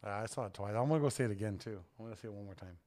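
A man's voice: lowish voice, a little mellow. A man, the guest, chatting casually and chiming in with short, agreeable replies. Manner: quick, agreeable, chimes in briefly. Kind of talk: casual chat.

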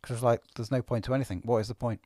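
A man on a podcast, telling stories in a lively way and acting out what people said. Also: mid-range voice, very fast, no room sound, studio quality. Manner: animated storyteller, acts out quotes. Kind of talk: casual podcast chat. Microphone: studio podcast microphone.

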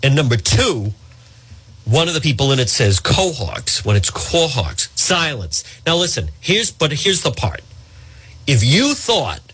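A man's voice: big pitch swings, a little slow, fairly bright tone, breathy edge. A man hosting a talk radio show, delivering an opinionated monologue in a sarcastic, mocking way. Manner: sarcastic, mocks voices in a high put-on tone.

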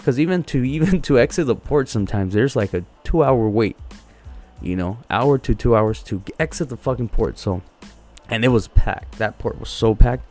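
A man's voice: medium pitch, animated, normal speed, a little mellow, faint music behind. A man on a podcast telling a heated story, swearing constantly and repeating words as he goes. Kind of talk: casual profane storytelling.

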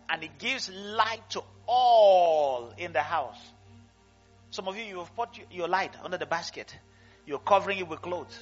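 A male pastor preaching a sermon, swinging between loud exclamations and quiet conversational asides, laughing often. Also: high-pitched, breathy edge, highs cut off. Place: church service.

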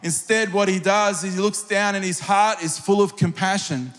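A man's voice: high-pitched, normal speed, fairly bright tone. A middle-aged man, a pastor, preaching a sermon with an earnest, personal storytelling manner that builds into fervent prayer. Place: large church hall. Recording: long hall reverb.

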